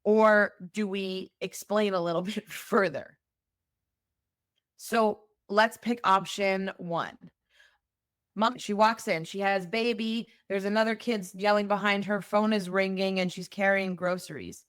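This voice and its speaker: A woman's voice: mid-range voice, fairly even intonation, unhurried, clean tone, no echo, studio quality. A woman hosting a solo podcast, talking in a conversational, emphatic way and explaining with everyday examples. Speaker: podcast host.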